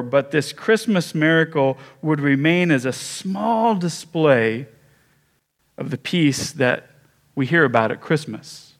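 A man pastor preaching a sermon, telling a story with measured pauses and small restarts. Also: a little high, fairly bright tone.

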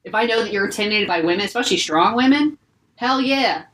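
A woman's voice: medium pitch, expressive, fast, fairly bright tone. A young woman co-hosting a podcast in casual chat, blunt and profane, laughing often. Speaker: podcast co-host.

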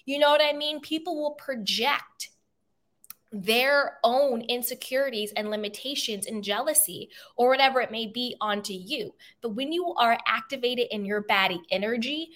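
A woman's voice: a little high, a bit bright. Emphatic motivational woman podcaster. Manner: emphatic, repeats key phrases, acts out quotes in the story. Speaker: podcast host. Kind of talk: motivational self-help podcast talk.

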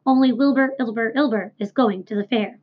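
A woman's voice: a little high, a little fast, slightly rough. A woman voicing a fussy mother goose who repeats her words. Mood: scolding. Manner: stuttering repetitions. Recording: dull lo-fi recording.

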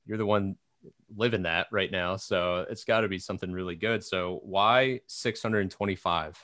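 Male podcast host, very low voice, dry close sound, upbeat and encouraging. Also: fairly even intonation, moderate pace, a bit bright, no echo. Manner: encouraging, motivational, says "man" often. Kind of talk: casual interview chat.

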